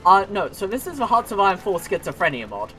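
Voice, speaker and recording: A man's voice: high voice, very animated, fast, bright, forceful tone, soft background music. A man giving casual, rambling commentary on a strategy game stream, often breaking off mid-sentence and giggling. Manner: rambling, self-interrupting, giggly.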